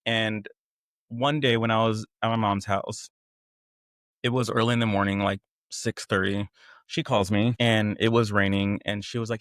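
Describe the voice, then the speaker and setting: A man, a podcast guest, candidly recounting a painful past relationship with animated retelling and frequent laughs at how absurd things were. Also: lowish voice, moderate pace, no room sound, clean studio sound. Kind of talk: candid personal storytelling.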